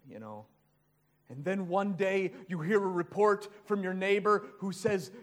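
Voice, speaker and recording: A man with a high voice preaching a sermon. He swings between hushed, low asides and loud, raised passages, with an animated delivery. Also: unhurried.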